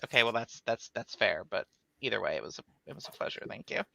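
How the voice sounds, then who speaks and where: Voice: medium pitch, big pitch swings, takes it slowly, bright, forceful tone, no room sound, full character voice. A player voicing a flustered young woman vampire who stammers and trips over her words.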